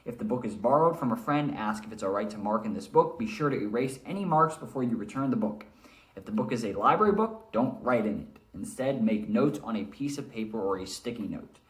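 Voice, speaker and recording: A male teacher giving a recorded reading lesson, explaining and demonstrating how to read aloud. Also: medium pitch. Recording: echoey room.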